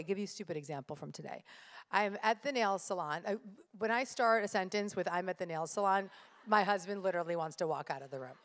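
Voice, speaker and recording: A woman speaking live to an audience, telling stories with energy and addressing the crowd directly. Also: medium pitch. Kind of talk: motivational live talk. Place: stage in a large hall. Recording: live hall with reverb.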